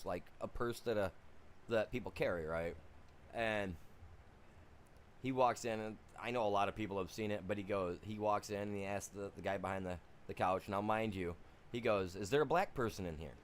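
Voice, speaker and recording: A man's voice: on the low side, a little hiss or hum. A man streaming a game, chatting casually in a rambling, chuckling way as he tells stories. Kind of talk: casual chat during a livestream.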